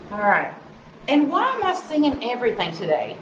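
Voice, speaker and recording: A woman's voice: on the high side, huge pitch swings, normal speed, noisy background. A woman hosting a live craft demonstration, chatty and sing-songy, talking to herself as she works. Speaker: craft tutorial host. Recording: roomy, slightly dull sound.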